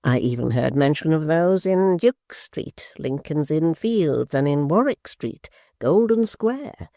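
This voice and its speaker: A sly, sneering male secretary, voiced by an audiobook reader, who talks in a silky, unhurried way and lets some words sink almost to a whisper. The delivery is very slow and dry, with a cold edge of mockery. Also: medium pitch, lively intonation, dark tone, no echo. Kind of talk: audiobook character voice.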